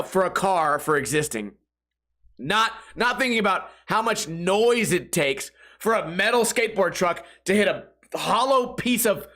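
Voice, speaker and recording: Here the same kind of host sounds high-pitched, bright and forceful. His casual comedic monologue on the podcast is a crude, wandering tale, and he keeps cracking himself up.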